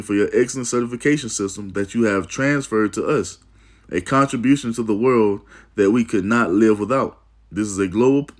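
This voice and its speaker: A man preaching about prophecy, reading aloud from an article and breaking into emphatic asides, often repeating "you see" and "man.". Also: mid-range voice. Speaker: religious teacher.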